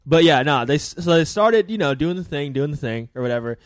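A man's voice: on the high side, animated, a little fast, no room sound. Laid-back rambling man, dry sound. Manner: loose and rambling, with slang and frequent fillers. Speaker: podcast co-host. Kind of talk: casual chat about sports news.

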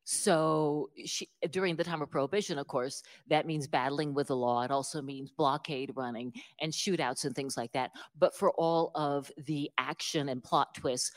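A woman with a slightly low voice tells stories as an author guest in an interview. She talks in an animated, self-deprecating way, with frequent laughter. Her voice sits a little lower than most women's. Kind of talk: conversational interview storytelling.

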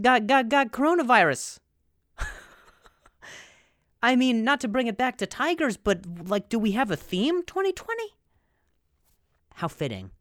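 Male podcast host, loose stammering comic delivery, very lively pitch, dry close sound. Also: no room sound. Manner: rambling, stammering, jokey, laughs often. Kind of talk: casual comedic monologue.

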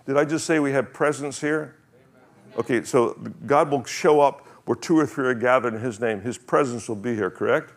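Guy preaching in church, chatty, reads verses real slow, keeps asking the crowd stuff. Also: medium pitch. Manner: conversational preaching, reads scripture slowly, asks congregation questions. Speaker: pastor. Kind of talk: sermon.

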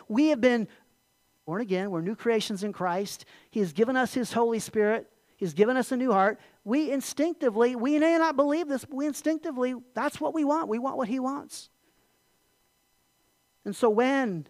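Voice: mid-range voice, dry recording. Conversational pastor preaching in a dry room. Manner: conversational preaching with rhetorical questions and restarts. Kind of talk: sermon.

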